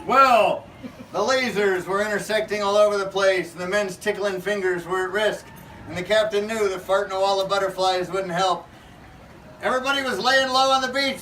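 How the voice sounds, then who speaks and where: A man with a high, bright voice improvises a silly comic tale for a crowd, playful and prone to laughing mid-sentence. He is caught from a distance at an outdoor faire, with steady noise around him. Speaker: costumed pirate storyteller at a faire. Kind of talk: improvised comic storytelling with audience.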